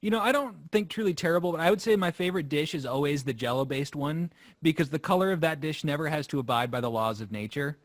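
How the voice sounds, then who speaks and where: A man's voice: a little high, fast, hardly any pauses. A man who is a guest musician, chatting with dry, playful humor and singing comic parody songs. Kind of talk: comedic song parodies with guitar.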